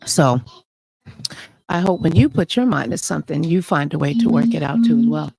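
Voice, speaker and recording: A middle-aged woman hosting a casual live stream, thinking aloud in an unhurried way while she sets up her audio gear. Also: deep voice, creaky, mellow, a little hiss or hum, rough recording. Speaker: YouTube host.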